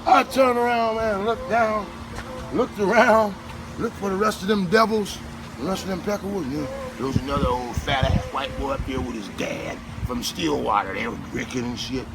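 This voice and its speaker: A man telling a profane, animated work story to friends, often laughing and shouting. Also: high voice, moderate pace, background noise. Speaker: bricklayer telling work stories. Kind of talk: casual storytelling among friends. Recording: loud music behind.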